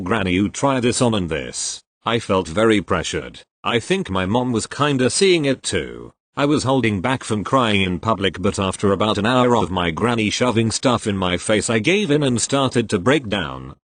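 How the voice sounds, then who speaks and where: A synthetic man's voice reading online posts aloud as a narrator, in an even, mechanical delivery that speaks symbol and emoji names aloud. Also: on the low side, no room sound. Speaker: story narrator.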